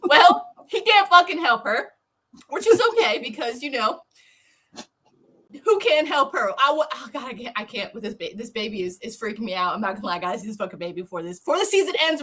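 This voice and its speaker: Lady on a podcast going over a tv episode, lively and cursing a lot, bright kinda high voice. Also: quick pace. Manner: animated, profane, storytelling. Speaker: podcast co-host. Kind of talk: casual TV episode recap.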